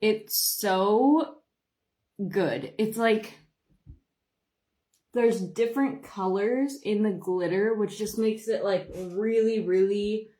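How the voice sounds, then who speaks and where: A woman's voice: mid-range voice, takes it slowly, warm tone, reverberant. A young woman from Montana chatting casually on a makeup livestream, rambling and greeting viewers by name. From Montana, USA. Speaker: beauty livestream host. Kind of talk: casual livestream chat while doing makeup.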